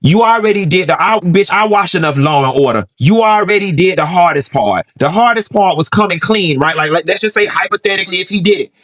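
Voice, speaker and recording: A man's voice: high voice, expressive, fairly quick, hardly any pauses, a bit bright. A man hosting celebrity gossip commentary, ranting in a sassy, blunt and profane way. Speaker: host.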